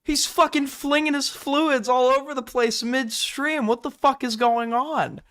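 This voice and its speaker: A man's voice: extremely high pitch, fairly even intonation, unhurried, fairly bright tone, no echo. A young man hosting a reaction commentary, incredulous and mocking, swearing freely and laughing at what he watches. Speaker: commentary host.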